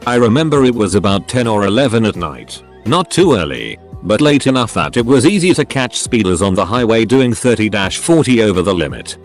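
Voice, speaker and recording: A man narrating a series of short anecdotes as scripted narration. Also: on the low side.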